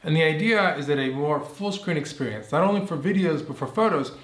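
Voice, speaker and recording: A man with an Israeli accent speaks quickly and earnestly in a video address to app users, explaining changes. His voice sits fairly high. The room is echoey. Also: expressive. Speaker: company executive.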